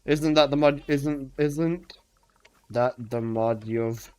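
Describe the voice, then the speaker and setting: A man streaming a game, chatting casually with teasing, excitable banter, repeating himself and swearing freely. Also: medium pitch, slow pace, smooth. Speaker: gaming streamer.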